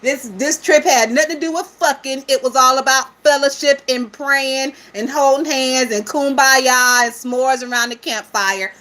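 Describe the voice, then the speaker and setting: A woman's voice: high voice, normal speed, hardly any pauses, pushed and bright, a little hiss or hum. A woman hosting a gossip livestream, talking casually and profanely with lots of laughter and mocking asides while reading viewer comments.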